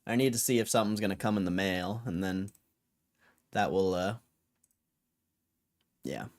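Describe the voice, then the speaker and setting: A man's voice: low-pitched, moderate pace, a little mellow. A young man hosting a livestream, chatting casually and reading viewer comments with a laid-back, rambling manner full of slang. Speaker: livestream host.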